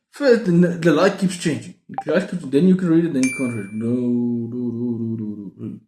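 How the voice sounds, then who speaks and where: In a roomy, echoing space, a man in his thirties from South Africa chats about a book haul in a medium-pitched, mellow voice. The book vlogger meanders and mocks himself, with frequent false starts.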